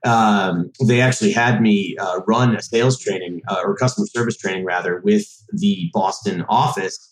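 A man's voice: lowish voice, fairly even intonation, normal speed, few pauses. A man in his thirties from Massachusetts, a podcast guest chatting casually and rambling with lots of fillers and restarts. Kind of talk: casual chat. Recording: roomy echo.

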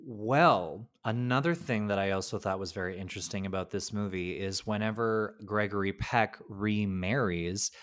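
Young male podcast co-host, lively and sweary, acts out bits. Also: medium pitch. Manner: animated, swearing, acts out quotes. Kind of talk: casual film chat.

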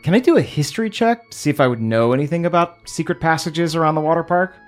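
A man's voice: fairly high pitch, quick pace, faint music behind. A man playing a tabletop role-playing game who asks questions and slips into character. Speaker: player.

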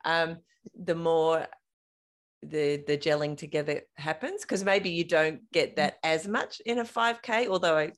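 A woman's voice: deep voice, a little slow. A middle-aged woman hosting a casual interview, thoughtful and often searching for words. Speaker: podcast host.

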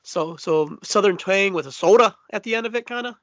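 Laid-back co-host man, higher voice, lo-fi. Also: fairly quick, a bit bright. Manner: laid-back, laughs often. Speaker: podcast co-host. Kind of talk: casual wrestling recap chat. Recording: dull lo-fi podcast audio.

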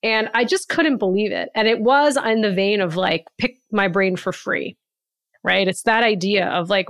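A woman co-hosting a podcast in casual chat, telling stories with lively, emphatic exclamations. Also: medium pitch, normal speed, dry recording, clean studio sound. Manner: animated storyteller with emphatic exclamations. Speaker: podcast co-host.

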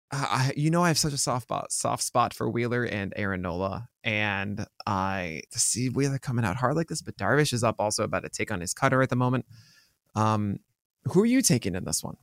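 A man's voice: mid-range voice, fairly bright tone, dry recording, clean studio sound. A man co-hosting a casual sports podcast, chatty and rambling with many fillers and restarts. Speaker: podcast co-host.

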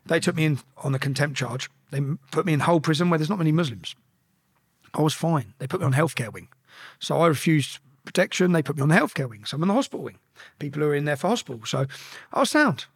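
A man's voice: fairly high pitch, animated, fast talker, breathy edge. A man bluntly recounting his experiences as an interview guest, swearing freely and restarting his sentences often. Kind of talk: casual storytelling.

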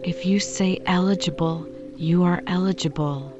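Woman reading a polite older bank clerk guy, kinda low voice, music playing. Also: steady tone, moderate pace, muffled recording, lightly acted. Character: mild, fussy older male banker.

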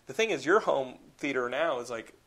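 Reviewing movies on a podcast, this man speaks at a normal speed with a medium pitch. The chat is casual and rambling, full of "like" and cursing, and he stays animated throughout.

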